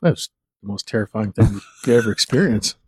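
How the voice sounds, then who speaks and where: A man's voice: fairly low pitch, lively intonation, quick pace, a little mellow, breathy edge, no echo. A man chatting casually with friends, making wry, understated asides. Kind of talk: casual chat.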